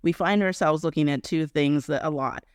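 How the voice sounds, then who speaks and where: Male interview host, fairly high smooth voice, dry close sound, halting questions. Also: no echo. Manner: halting, many fillers and restarts.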